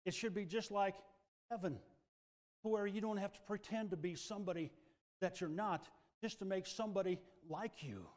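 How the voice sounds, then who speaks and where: A middle-aged male pastor delivers a fervent sermon in a slightly high voice. He swings between hushed, quiet lines and loud, rising passages. A long reverb from the church sanctuary trails after his words. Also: normal speed.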